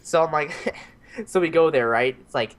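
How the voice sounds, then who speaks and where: This young podcast host has a fairly high voice and a moderate pace as he tells a story. His delivery is animated and casual; he acts out the voices of those involved and swears freely.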